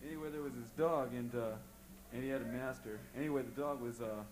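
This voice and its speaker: A man's voice: mid-range voice, fairly even intonation, fast, rough recording. A man on a concert stage telling a rambling joke, stalling with fillers and losing his thread, into a stage microphone. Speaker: comedian.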